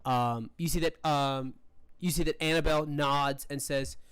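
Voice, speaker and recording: Lady gm narrating, lots of ums and likes, smooth clear voice, dry close sound. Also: sits low, steady tone, moderate pace, no room sound. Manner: rambling, filler-heavy. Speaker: game master. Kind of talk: narrating a tabletop game.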